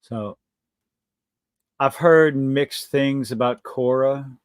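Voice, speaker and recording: A man from Louisiana chats casually on a livestream in a mid-pitched voice. His talk is profane and self-mocking. The sound is dry and close, with no room in it. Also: extremely slow, clear, resonant tone, no echo. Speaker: podcast host.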